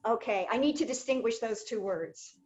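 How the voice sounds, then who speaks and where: A woman's voice: fairly high pitch, lively intonation, moderate pace, darkish tone, highs cut off. A woman on a video call asking questions during a webinar. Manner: asks questions, spells out words. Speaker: webinar participant.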